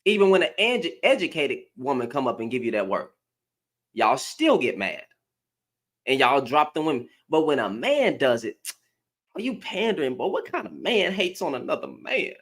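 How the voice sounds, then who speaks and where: A man hosting a livestream, talking in a confrontational, animated way. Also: a little high, normal speed. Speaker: livestream host. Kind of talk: heated livestream talk.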